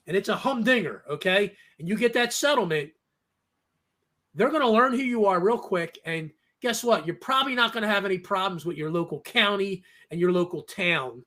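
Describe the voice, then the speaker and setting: This co-host of a casual talk show has a high-pitched, bright voice with a forceful tone. He tells stories emphatically during a relaxed podcast chat, frequently tagging his points with "okay?"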